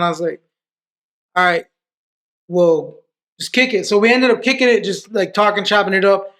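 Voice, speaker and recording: A man's voice: high-pitched, moderate pace, pauses often, a bit bright. A man, a podcast guest, telling stories in a loose, profane way full of restarts. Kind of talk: casual storytelling.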